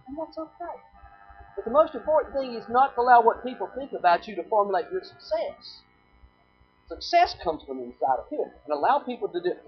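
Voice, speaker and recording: A preacher giving a sermon, asking the listeners rhetorical questions, repeating phrases and quoting scripture in old-fashioned wording. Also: medium pitch. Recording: dull lo-fi recording with faint music.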